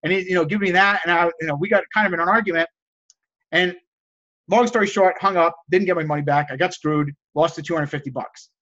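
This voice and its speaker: A man coaching resellers in a casual motivational talk, energetic and repeating key phrases for emphasis. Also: high-pitched, fast talker, lo-fi sound.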